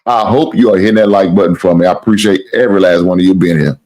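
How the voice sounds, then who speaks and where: A man hosting a casual live-stream sports talk show, with a deep voice, rambling and repeating himself and swearing now and then. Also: fast, a little mellow. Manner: rambling, repetitive, plugs the channel, swears casually.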